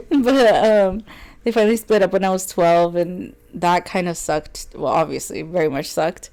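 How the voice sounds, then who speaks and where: Young woman, a bit low-pitched, candid podcast storyteller who fills her speech with "like" and laughs often. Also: animated, slow. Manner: chatty, heavy "like" fillers, laughs often between words; earnest and open, turning quiet on painful parts. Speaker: podcast co-host.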